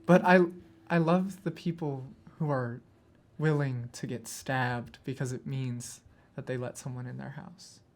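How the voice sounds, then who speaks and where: A woman playing a tabletop role-playing game, speaking in character in a halting, thoughtful way. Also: extremely low pitch, fairly even intonation, a little mellow. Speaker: player. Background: faint music.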